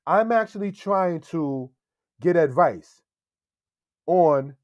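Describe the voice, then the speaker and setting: A man teaching Hebrew in a slow, deliberate lesson style, often checking in with "all right?" and calling his viewers family. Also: fairly high pitch, animated, darkish tone, dry recording, lo-fi sound. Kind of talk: slow screen-share language lesson.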